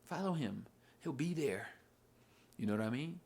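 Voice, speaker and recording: Young male Bible teacher, loose earnest rambler, animated up-and-down delivery. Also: medium pitch, moderate pace, vocal fry, slightly rough. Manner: rambling, earnest, repeats "you know what I mean". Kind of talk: casual devotional talk.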